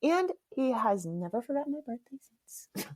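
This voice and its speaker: A woman's voice: high-pitched, very animated, moderate pace, a little mellow, no echo. A middle-aged woman hosting a podcast, telling a story in a candid, frank way, with swearing and laughs. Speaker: podcast host. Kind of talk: casual podcast monologue.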